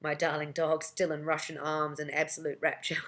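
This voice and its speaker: Storyteller, mid-pitched and gravelly, wry conversational anecdote. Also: monotone, normal speed, a bit bright. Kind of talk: personal storytelling.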